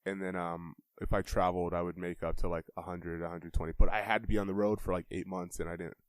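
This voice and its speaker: A man hosting a podcast interview, talking in a relaxed, conversational way. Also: deep voice, quick pace, no room sound. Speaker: podcast host. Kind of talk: casual interview chat.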